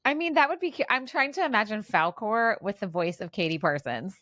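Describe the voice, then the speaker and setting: A woman in her forties co-hosts a podcast in a relaxed, chatty way, rattling off trivia between fillers and restarts. Her pitch swings widely, and the recording is dry and close. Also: fairly quick, no echo. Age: 40s. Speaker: podcast co-host. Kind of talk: casual chat.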